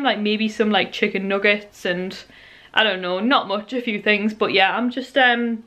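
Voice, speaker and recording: A woman's voice: on the high side, a bit bright. A young woman chatting casually to a handheld camera in a vlog, tired and out of breath, rambling from one story to the next. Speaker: vlogger.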